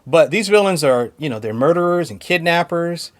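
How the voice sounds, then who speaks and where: Man, podcast co-host, casual chat, enthusiastic, laughs often, slightly high voice. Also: lively intonation, moderate pace.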